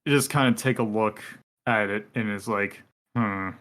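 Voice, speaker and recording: Male game master, low voice, loose and rambling, leaning on filler words. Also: moderate pace, fairly bright tone. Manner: loose, rambling, lots of "kinda". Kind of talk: narrating a tabletop game.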